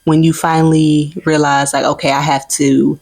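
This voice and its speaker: Woman, podcast host, low pitch, soft-spoken, measured questions. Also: flat delivery, dry recording. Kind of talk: interview questions.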